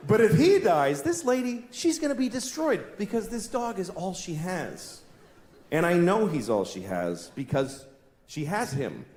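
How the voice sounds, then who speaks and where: Animated stand-up comic in an echoey venue. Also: male voice, a little slow. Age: 40s. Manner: deadpan and exasperated, jumping into loud squeaky put-on voices. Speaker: stand-up comedian. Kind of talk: stand-up comedy set. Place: large comedy venue, audience laughing. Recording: echoey live venue with noise.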